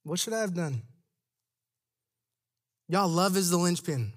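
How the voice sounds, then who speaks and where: At a measured pace, a young man serving on church staff preaches with conversational energy. His voice dips for asides and swells for emphasis.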